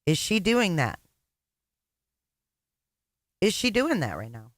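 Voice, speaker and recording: A woman's voice: on the low side, sing-song, takes it slowly, no room sound, clean studio sound. A woman co-hosting a casual livestream, blunt and exasperated, swearing freely.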